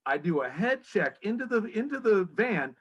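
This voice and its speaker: Brief: husky male guest, raised pitch, swings all over as he spins yarns and plays every voice. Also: sing-song, normal speed, fairly bright tone. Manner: acts out quoted voices in stories. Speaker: podcast guest, paintball pro. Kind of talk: animated storytelling.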